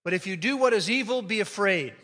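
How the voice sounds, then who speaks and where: A man preaching a sermon as pastor, leading the congregation in reciting a phrase together and slowing down to stress key words. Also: sits high, lively intonation, sharp tone, in a large hall. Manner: leads congregation in call-and-response recitation.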